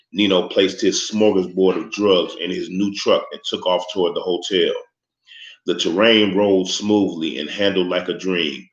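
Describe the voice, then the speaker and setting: A man reading a novel aloud in steady, measured scripted narration. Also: sits low. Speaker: audiobook narrator. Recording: echoey, slightly muffled room recording.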